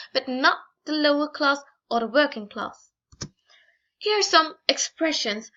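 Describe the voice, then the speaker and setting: A young woman giving a school screencast presentation, reading carefully with pauses and small restarts. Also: high voice, bright, forceful tone, muffled recording. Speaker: student presenter.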